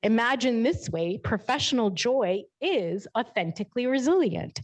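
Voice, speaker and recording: A woman physician giving a keynote talk, telling stories in a lively, humorous and frank way. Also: on the high side, normal speed. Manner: lively, humorous storytelling, self-mocking, frank.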